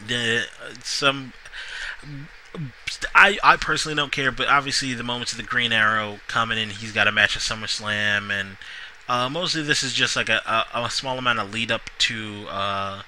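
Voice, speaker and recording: A man's voice: medium pitch, steady tone, moderate pace, bright, forceful tone, a little hiss or hum, low-quality recording. A man reviewing a wrestling show in a casual, rambling solo vlog, full of asides and restarts. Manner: rambling, lots of fillers and restarts.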